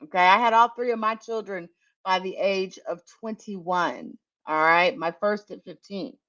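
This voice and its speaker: A woman's voice: mid-range voice, measured pace, a bit bright. A middle-aged woman telling a candid, profane story from her working life in casual chat, laughing often. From United States. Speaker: tech channel host. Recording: dull lo-fi recording.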